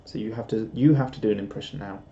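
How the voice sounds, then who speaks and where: A young Englishman rambles through a casual live stream chat, reading viewer comments and poking fun at himself. His voice is mellow and a little dark. The sound is roomy and slightly dull, like a home setup. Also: on the low side, quick pace. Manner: rambling and self-deprecating, with chuckles.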